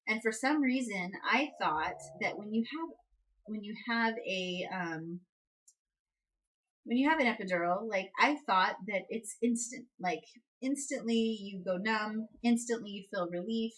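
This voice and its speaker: A young new mother vlogs on poor audio, casually telling a personal story in a slightly slow, somewhat bright voice. She's chatty and peppers her speech with "like" and "um," bursting into high tones when she acts out quotes.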